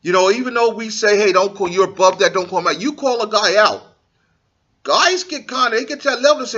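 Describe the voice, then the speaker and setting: A man's voice: high-pitched, a little fast, fairly bright tone, dull audio. A man hosting a boxing talk show, giving blunt, profane opinions in a casual monologue and acting out what fighters say.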